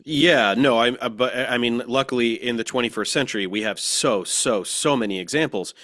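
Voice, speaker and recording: A man's voice: mid-range voice, brisk, a bit bright. A man who is a guest in an interview, explaining in a casual, matter-of-fact way with examples. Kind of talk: conversational interview.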